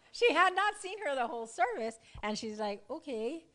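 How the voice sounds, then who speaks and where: A woman's voice: high voice, very animated, moderate pace, fairly bright tone. A woman casually telling a faith testimony to a group, chatty, laughing often and leaning on "you know.". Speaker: church member sharing a testimony.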